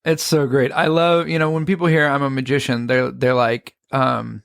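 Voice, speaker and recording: A man's voice: mid-range voice, level tone, normal speed, creaky, dry recording, studio quality. A man hosting a podcast, chatting casually, laughing often and stumbling over repeated words. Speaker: podcast host, magician.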